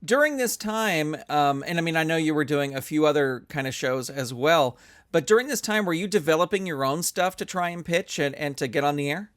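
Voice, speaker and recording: Man, podcast host, higher voice, dry close sound, thoughtful questions. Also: expressive, fairly quick, a bit bright, no echo. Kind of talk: interview questions.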